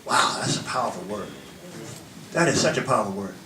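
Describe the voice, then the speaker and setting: A man preaching a sermon, animated and laughing often as he acts out little scenes for the congregation. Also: lowish voice, fairly quick, roomy sound, recorded from a distance, noisy background. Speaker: pastor. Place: church hall with an audience.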